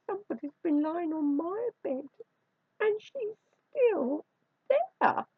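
A storyteller voicing a tiny baby bear cub who squeaks and wails through tears, on a dry, dull recording. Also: sing-song, slow, no echo, heavily acted. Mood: crying. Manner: wailing, sobbing.

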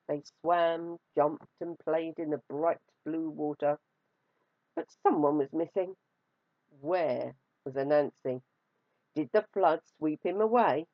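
A woman reading a children's storybook aloud, expressive and drawing out words for effect. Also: lowish voice, no room sound. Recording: dry, slightly dull recording.

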